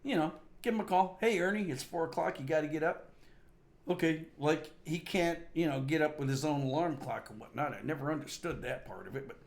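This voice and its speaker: A man's voice: fairly high pitch, a little fast, vocal fry. A man hosting a comedic radio show, joking and laughing often as he talks.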